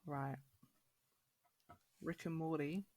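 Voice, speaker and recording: A young woman, a podcast guest telling stories in casual chat, animated and teasing. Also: low-pitched, takes it slowly. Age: young adult. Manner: animated storyteller, teasing, acts out quotes, laughs often.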